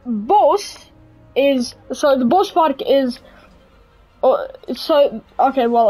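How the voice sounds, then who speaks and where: Young South African woman, Afrikaans-native, high voice, casual halting commentary over faint background music. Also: darkish tone, low-quality recording. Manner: hesitant, many fillers and restarts. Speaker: gaming video creator.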